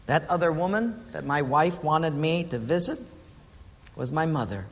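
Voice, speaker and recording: High-voiced man preaching in a hall. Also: animated, normal speed, a bit bright. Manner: storytelling, questions to the congregation. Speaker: pastor. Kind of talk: sermon. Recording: echoey hall with faint noise.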